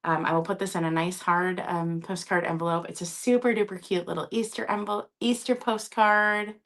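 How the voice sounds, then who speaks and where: A woman's voice: lowish voice, fairly even intonation, moderate pace, fairly bright tone. A woman hosting a live-stream vintage sale, chatty and casual, often checking in with her viewers.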